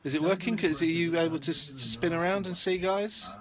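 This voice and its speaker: Cheeky high-voiced radio host. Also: male voice, a little fast, a crowd in the background. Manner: cheeky, excitable, bursts into shouting. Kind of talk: casual banter on a live stream. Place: radio station offices and studio.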